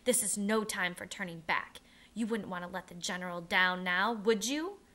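A woman puts on a burly army captain in a storybook, gruff and pushy, coaxing in a low voice. The voice stays bright and clear underneath. He sounds like he will not take no for an answer. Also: normal speed, natural voice. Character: heavy-set gruff male rebel army captain.

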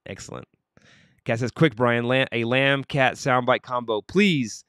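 A man hosts a morning livestream, greeting viewers by name as he reads their comments aloud. He moves easily into earnest prayer. His voice is smooth and resonant, recorded close and dry. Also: mid-range voice, unhurried, a bit bright, dry recording. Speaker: livestream host. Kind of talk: morning show chat and prayer.

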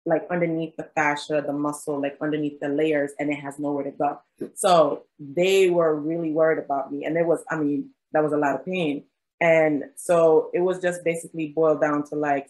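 A young woman physician tells her story in a relaxed interview, her voice sitting on the low side. She slips into acted-out quotes and laughs as she goes, chatty and animated. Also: poor audio. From South Jersey. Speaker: guest, physician.

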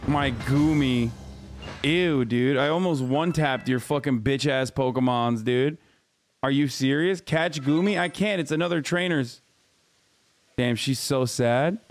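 A man's voice: medium pitch, measured pace. A man streaming a game, profanely ranting with an exasperated tone in casual commentary. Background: faint game music.

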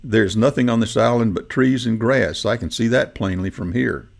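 A timid, gloomy old goose gentleman from a bedtime storybook, read aloud by a man. He complains in a worried way, with a low voice and a gravelly edge. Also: normal speed. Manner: worried, reluctant.

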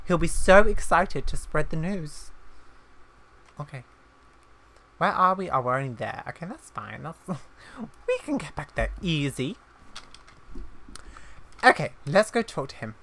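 A woman's voice: low voice, big pitch swings, unhurried, long pauses, sharp tone. A woman hosting a gaming channel, chatting casually and giggling as she plays. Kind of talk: casual gameplay commentary.

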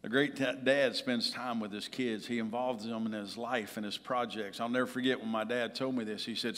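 A man preaching a sermon as pastor, telling personal stories and swinging from loud to hushed. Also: mid-range voice, steady tone, moderate pace, hardly any pauses, big-room sound. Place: large church hall.

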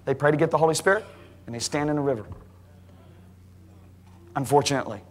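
A man preaching a sermon to a congregation, emphatic and rising to near shouting at high points. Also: fast. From United States. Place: large church hall. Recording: live sermon in a reverberant hall.

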